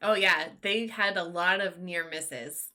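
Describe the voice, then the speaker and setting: A woman on a fan panel, lively and quick to laugh, chiming in during casual back-and-forth. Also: fairly low pitch.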